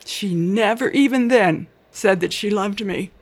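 A woman's voice: medium pitch, a little slow. An older woman telling her life story in an interview, earnest and chatty, acting out the people she quotes.

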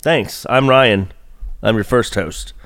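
A man's voice: on the low side, slow pace, fairly bright tone, no room sound, studio quality. A man hosting a casual podcast, rambling and swearing, full of fillers and restarts. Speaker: podcast host. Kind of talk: casual bickering podcast banter.

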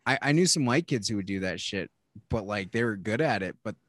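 A man's voice: fairly low pitch, fairly quick, no echo. Young guy telling a wild story on a podcast, laughs a lot, swears, dry close mic. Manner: animated, laughing storyteller who swears often. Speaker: podcast co-host. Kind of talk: casual storytelling chat.

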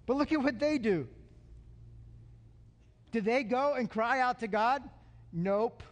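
A male pastor preaching a sermon, animated and calling on the congregation to answer. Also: very high-pitched, slow pace. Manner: animated, calls for congregation response. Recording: long hall reverb.

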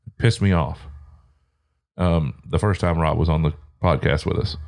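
A middle-aged man with a deep, low voice talks things over on a podcast. He speaks in an earnest, reflective way. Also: moderate pace, gravelly, a little mellow. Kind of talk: casual chat.

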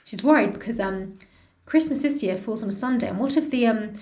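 A woman co-hosting a podcast, recapping a story in casual, sarcastic chat and acting out the characters. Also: on the high side. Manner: animated, sarcastic, acts out characters in quick voices. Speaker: podcast co-host. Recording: echoey room.

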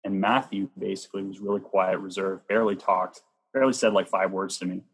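A man who works as a Catholic youth minister, telling personal stories earnestly in a chatty way, sometimes rushing with excitement. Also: sits low, breathy edge, poor audio. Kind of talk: personal storytelling in an interview.

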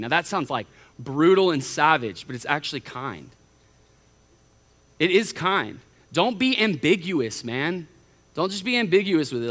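A middle-aged man, a college pastor preaching a sermon in an animated way, often acting out the voices of the people he quotes. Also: a little high, a little slow. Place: church auditorium. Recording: reverberant church hall.

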